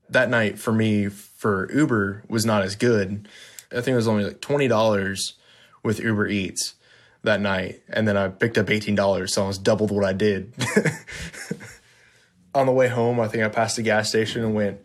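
A man, a veteran, recounting his story in a relaxed, self-deprecating way. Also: on the low side, moderate pace. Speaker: interviewee, military veteran. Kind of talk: storytelling interview.

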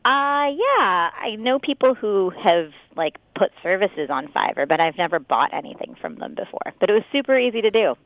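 A woman's voice: mid-range voice, sing-song, normal speed, hardly any pauses, dry recording, lo-fi sound. A woman on a call with radio hosts, giggly and enthusiastic in casual conversation. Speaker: caller.

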